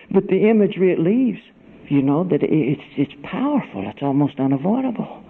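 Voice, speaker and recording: A man preaching a sermon, swinging between loud cries and hushed whispers and calling the congregation "brother". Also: on the high side, big pitch swings, normal speed, husky. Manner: dramatic swings from shouts to whispers. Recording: tinny phone-like radio broadcast.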